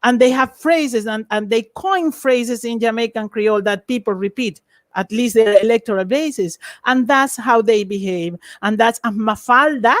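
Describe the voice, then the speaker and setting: Woman lecturer, webinar talk, higher voice, dry close sound, emphatic. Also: normal speed, dry recording.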